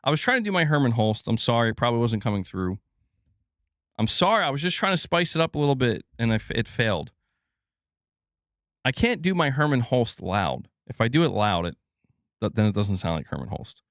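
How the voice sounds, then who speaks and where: A man speaks at a mid pitch, close to a dry-sounding mic with no room echo. He comments casually on a live stream. His delivery is loose and profane. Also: very animated, a little fast, a bit bright. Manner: casual and profane, laughs at himself. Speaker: gaming news streamer.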